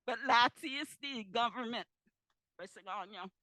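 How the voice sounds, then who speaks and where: A woman's voice: on the high side, normal speed, sharp tone, dry recording, poor audio. A woman, giving tearful, impassioned public comment into a handheld mic at a community forum. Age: 50s. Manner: impassioned, pleading, repeats herself. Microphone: handheld microphone.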